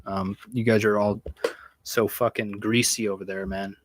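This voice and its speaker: A young man hosting a podcast, answering chat questions in a rambling, halting, profane way and laughing often. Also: lowish voice, flat delivery, no room sound. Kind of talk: casual live Q&A chat.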